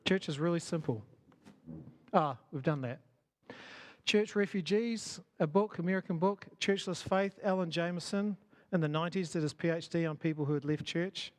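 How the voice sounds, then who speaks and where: A man speaks to a church gathering, his voice sitting a little higher than most men's. He talks loosely and conversationally, tosses questions to the crowd and laughs at his own failings. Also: normal speed. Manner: conversational, self-deprecating, asks the audience questions. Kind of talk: conference talk to an audience. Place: church hall.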